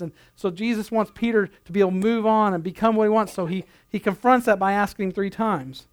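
A man's voice: high voice, a little fast, hardly any pauses, smooth. A man preaching a sermon, earnest, repeating key phrases for emphasis. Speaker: pastor.

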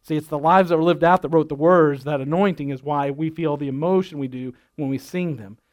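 A man's voice: on the high side, a little fast, darkish tone. A middle-aged male pastor giving a sermon in a folksy, storytelling way, chuckling at his own jokes.

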